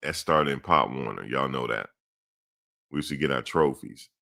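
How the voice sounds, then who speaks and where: A middle-aged sports commentary host with a very deep, creaky voice, pushed and bright, rants at a normal speed. He's blunt and blustery, addressing the audience head-on and repeating his points over and over.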